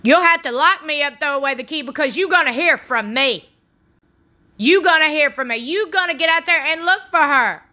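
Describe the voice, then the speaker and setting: A woman's voice: high-pitched, normal speed, bright, forceful tone. A woman hosting a true crime channel, giving earnest, pleading and indignant commentary. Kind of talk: impassioned commentary.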